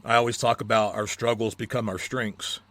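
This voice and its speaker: A man's voice: fairly low pitch, flat delivery, normal speed, fairly bright tone, dry recording. A man hosting a podcast, chatting casually and prompting his guest to share his stories. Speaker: podcast host. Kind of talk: casual interview chat.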